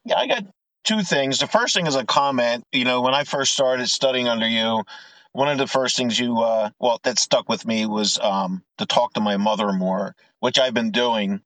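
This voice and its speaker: Male caller, 50s, medium pitch, dry. Casual, joking storyteller on an online call. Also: moderate pace, fairly bright tone, no room sound, rough recording. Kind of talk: casual chat.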